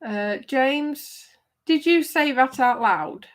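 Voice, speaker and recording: On a relaxed livestream, a high-voiced woman takes her time as she reads out viewers' comments, chatty and giggling throughout.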